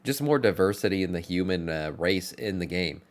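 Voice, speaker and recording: A man with a fairly low voice chats his way through a reaction video. His talk is loose and blunt, with casual swearing. He thinks out loud as he watches. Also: lively intonation, normal speed.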